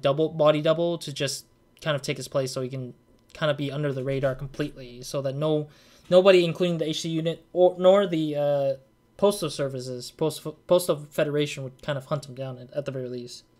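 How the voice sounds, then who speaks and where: A young adult man talks through a game as he plays, chatting casually and thinking out loud. His voice sits a little higher than most men's, and he rambles, trailing off and circling back with plenty of filler words. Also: fairly even intonation, a little fast. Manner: rambling, thinking aloud with many "like" and "kind of". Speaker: let's play gamer.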